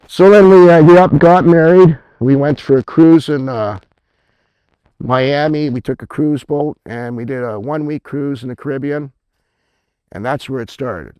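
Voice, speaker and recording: Speaking at a convention, this middle-aged man from Canada spins a casual yarn, punctuated by frequent "right?"s and chuckles at his own story. He's an author with a fairly high, dark, smooth voice, captured without any echo.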